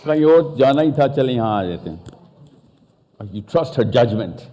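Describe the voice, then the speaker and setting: A man from Pakistan speaking on stage at a live talk, fast and interactive, mixing English and Urdu as he questions the audience. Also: medium pitch, expressive, dark tone. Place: stage in a large hall.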